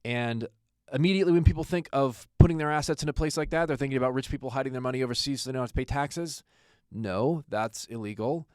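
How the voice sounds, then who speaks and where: American male host, casual and self-mocking, mid-pitched voice, dry close sound. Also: quick pace, darkish tone, clean tone, dry recording. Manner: self-deprecating, joking, rambling with fillers. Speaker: podcast host, attorney. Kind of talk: casual podcast introduction.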